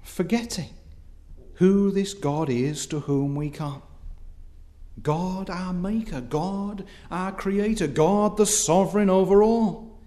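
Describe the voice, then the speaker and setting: A man preaching an expository sermon in a measured, formal way, reading scripture and rising in force when impassioned. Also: high voice, dark tone.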